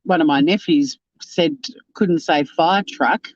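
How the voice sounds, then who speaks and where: A chatty livestream host talking loosely to viewers, cursing freely and laughing along. The voice sits at a middling pitch. The sound is dull and lo-fi, close and dry. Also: slow, dry recording. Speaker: livestream host reading chat. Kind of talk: casual live chat.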